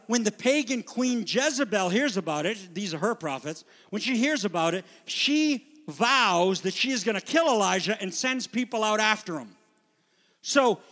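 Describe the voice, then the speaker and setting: A man preaching a sermon as pastor, moving between hushed, near-whispered passages and urgent, rising appeals to his congregation. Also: high-pitched. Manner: dramatic, drops to a near whisper for quiet passages and rises to urgent calls. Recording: long hall reverb.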